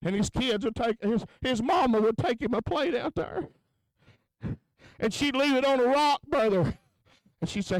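A man preaching a revival sermon in a tent, moving between low, quiet talk and chanted, shouted peaks. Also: normal speed, dry recording, rough recording.

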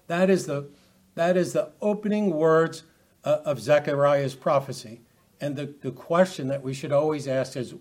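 A man's voice: a little high, a little mellow. A man teaching a Bible study lecture, earnest and emphatic, often restarting his phrases.

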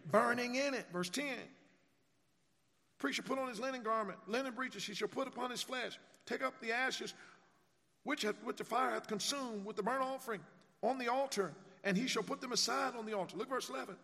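A male preacher with a high voice delivers a sermon in a church, with long reverb trailing his words. He reads scripture, pauses for rhetorical questions, and calls on the congregation to repeat lines with him. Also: a bit bright. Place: church sanctuary.

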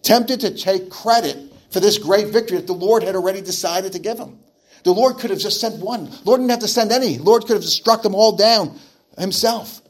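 A man's voice: high-pitched, fairly quick. A man preaching an earnest sermon, repeating phrases and restarting lines as he explains a Bible passage. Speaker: pastor.

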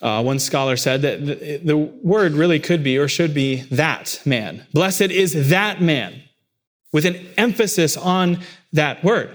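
Delivering a sermon, this male pastor sounds expressive and unhurried, moving from hushed, weighty low passages to lifted, forceful lines.

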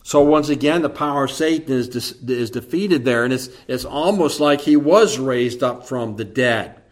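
A man preaching an earnest expository sermon, slow and deliberate. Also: mid-range voice.

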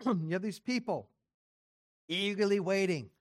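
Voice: medium pitch, unhurried. A preacher giving an expository sermon, reading scripture aloud and then explaining it in casual spoken phrasing with rhetorical questions. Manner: casual spoken phrasing with occasional throat clearing.

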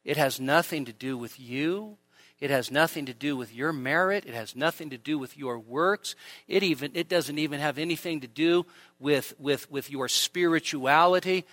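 A male pastor preaching a sermon in a church, animated, with humor and rhetorical questions. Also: a little high, normal speed, no room sound.

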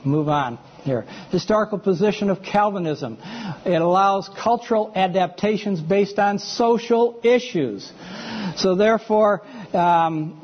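In lo-fi audio, a preacher with a high-sitting voice delivers a sermon-style teaching lecture to a congregation. He keeps it conversational and often checks in with his listeners.

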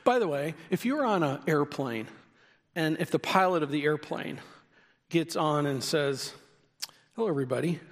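A man preaching a sermon in a lively way, sometimes raising his voice to a shout for key lines. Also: fairly high pitch, unhurried. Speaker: pastor. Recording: long hall reverb.

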